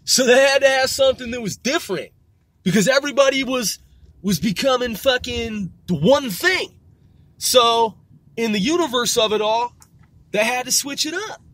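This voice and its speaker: A man's voice: extremely high pitch, fairly bright tone. A man ranting in a rambling casual monologue, profane and full of street slang, circling back and repeating himself. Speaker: vlogger.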